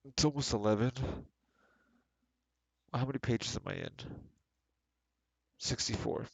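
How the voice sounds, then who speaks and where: A man's voice: mid-range voice, measured pace, vocal fry, dry recording. A man reading a book aloud on stream and breaking off with sarcastic, exasperated commentary.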